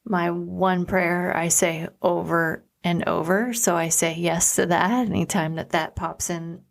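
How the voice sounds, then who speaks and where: A woman's voice: fairly low pitch, fairly even intonation, unhurried, vocal fry. A woman co-hosting a podcast, speaking in an earnest, reflective way and often searching for her words. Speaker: podcast co-host. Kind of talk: casual chat.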